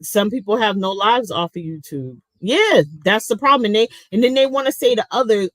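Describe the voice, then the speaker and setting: A woman's voice: a little high, lively intonation, moderate pace, few pauses, fairly bright tone, no room sound, poor audio. A woman hosting casual livestream commentary, reading out chat and talking bluntly and sarcastically with plenty of swearing.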